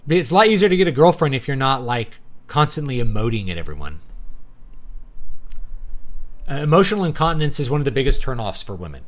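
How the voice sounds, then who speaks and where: A man talks through his opinions in a loose, unscripted monologue as a show's host. His pitch swings widely from phrase to phrase, and he keeps tagging his points with a quick "right?". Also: sing-song. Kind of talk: casual commentary monologue.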